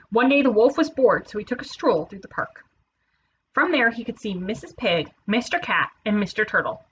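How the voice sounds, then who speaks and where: Expressive woman teacher reading aloud. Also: on the high side, moderate pace, dull audio, slight background noise. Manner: expressive, playful storyteller. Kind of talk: children's read-aloud.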